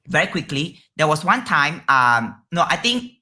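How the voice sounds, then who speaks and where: A woman's voice: low-pitched, big pitch swings, normal speed, pushed and bright. A woman from Malaysia with a Malaysian English accent, a guest on a podcast, talking candidly in a bubbly, outspoken way and swearing freely. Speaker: guest streamer.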